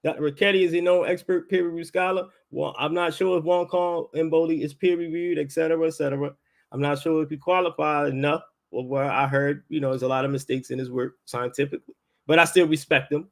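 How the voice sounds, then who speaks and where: A man's voice: fairly high pitch, steady tone, fairly quick. A man giving an informal lecture, speaking emphatically and repeating phrases to drive his point home. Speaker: language teacher.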